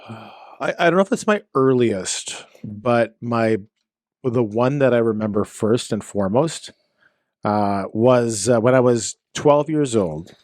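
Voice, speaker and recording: A man in his forties co-hosting a podcast, bantering playfully and quickly. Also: mid-range voice, expressive, darkish tone, no room sound, clean studio sound. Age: 40s. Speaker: podcast co-host. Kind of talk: casual chat.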